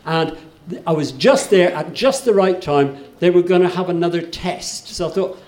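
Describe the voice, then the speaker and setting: Older man, wry high-pitched raconteur. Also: animated, normal speed, darkish tone, echoey room. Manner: chatty, self-interrupting, wry humor. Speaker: folk singer and storyteller. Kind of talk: live on-stage song introduction.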